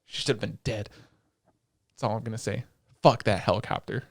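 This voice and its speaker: A man's voice: lowish voice, steady tone, fairly quick, vocal fry, dry recording, studio quality. A young man co-hosting a casual podcast, ranting heatedly and swearing a lot. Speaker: podcast co-host.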